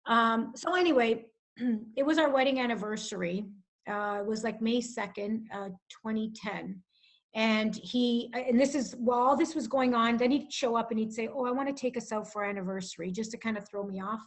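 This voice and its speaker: A middle-aged woman recounts her own story as a guest on an interview podcast. Her voice sits somewhat high for a woman. She talks emotionally and rambles, with restarts, fillers and a steady stream of "like". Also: normal speed. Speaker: guest author. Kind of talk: personal testimony in a podcast interview.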